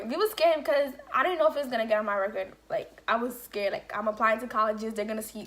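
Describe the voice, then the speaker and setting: Young woman vlogger with a fairly high voice, chatty story-time delivery, acts out quotes. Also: quick pace, hardly any pauses. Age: young adult. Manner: animated storytelling with acted-out quotes and lots of "like". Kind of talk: casual story-time chat.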